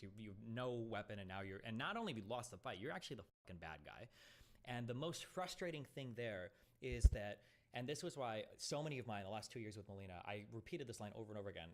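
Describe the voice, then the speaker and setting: A man's voice: fairly low pitch, animated, very fast. A man hosting a casual live-stream debate, talking bluntly with lots of swearing and rambling asides. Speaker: streamer host.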